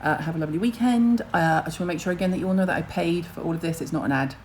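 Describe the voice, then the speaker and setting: Hosting a skincare livestream, a middle-aged woman chats casually to viewers in a slightly low, rapid-fire voice, rambling cheerfully and bluntly, hopping between topics and dropping casual swears. The webcam audio is poor, with a faint background hum.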